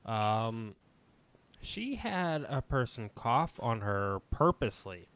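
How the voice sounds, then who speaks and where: A man co-hosting a podcast, telling a story in casual chat at a measured pace with hesitant fillers. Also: mid-range voice, big pitch swings, fairly bright tone, smooth. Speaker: podcast co-host.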